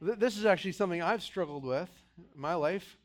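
A middle-aged male pastor preaching a sermon, acting out voices and swinging between loud outbursts and quiet, low passages. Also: brisk.

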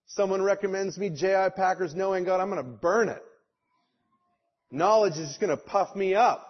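A man's voice: high voice, normal speed. A man preaching a sermon, emphatic and rhetorical, slipping briefly into mocking voices of the people he quotes. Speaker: pastor. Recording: dull lo-fi sound.

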